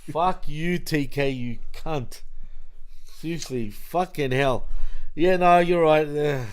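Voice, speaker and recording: A man's voice: fairly high pitch, takes it slowly, smooth. A man co-hosting a wrestling podcast, blunt and profane, reading out match results between opinions. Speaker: podcast co-host. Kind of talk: casual wrestling recap chat.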